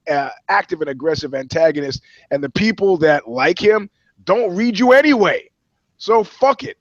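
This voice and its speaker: A man's voice: fairly high pitch, no room sound. Blunt swearing man, lo-fi mic. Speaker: journalist and co-host. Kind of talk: profane podcast chat.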